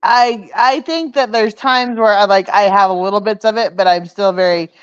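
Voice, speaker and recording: A woman's voice: medium pitch, clean tone. Rambling woman in her forties, lo-fi. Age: 40s. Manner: rambling, halting storyteller. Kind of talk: casual chat.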